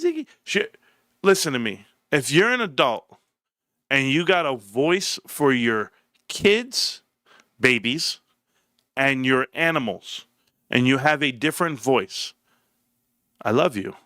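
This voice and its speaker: A man chats excitedly on his live stream, in a bright voice that sits a little high. The sound is dry and close, with no room echo. He swears casually and talks in an animated, buzzing way. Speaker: livestream host. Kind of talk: casual livestream chat.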